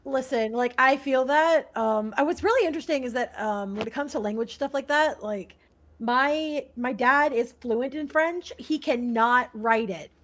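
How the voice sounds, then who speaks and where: Guest woman on a podcast, high voice, laughs a lot, kinda self-deprecating. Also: moderate pace, a bit bright. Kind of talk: casual chat.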